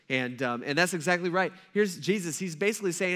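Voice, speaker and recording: This pastor's voice sits high, and he talks fast with few pauses. His sermon is conversational, packed with rhetorical questions and dramatized quotes, and it alternates between loud emphasis and quiet lines.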